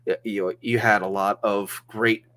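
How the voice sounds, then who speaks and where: Man, podcast co-host, casual wrestling chat, excitable, laughs a lot, trips over his words. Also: lowish voice, moderate pace. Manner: excitable, laughs often, many restarts.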